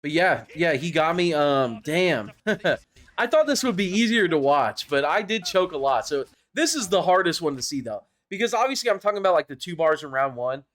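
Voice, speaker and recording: A man's voice: fairly high pitch, very animated, moderate pace, fairly bright tone. A young man casually commenting over his own tournament footage, rambling and self-critical, swearing and laughing at his mistakes. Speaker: gaming YouTuber reviewing his own tournament match.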